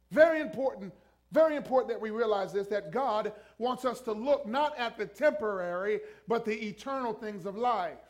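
A man's voice: high-pitched, normal speed. A man preaching a sermon as pastor, emphatically urging the congregation to repeat lines after him. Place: church.

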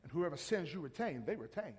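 A man's voice: a little high, very animated, fast, a little mellow, breathy edge. A man preaching a sermon as pastor, calling on congregation members and prompting them to finish verses. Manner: call-and-response, prompting listeners to finish verses; talks directly to a congregation member. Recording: long reverb of a large hall.

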